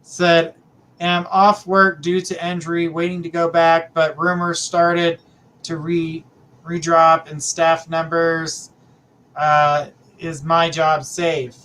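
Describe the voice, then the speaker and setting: His delivery is flat and slow, with a sharp tone and a voice on the high side. He is a middle-aged psychic reader and livestream host who chats casually and affectionately with viewers, calling them honey and sweetheart.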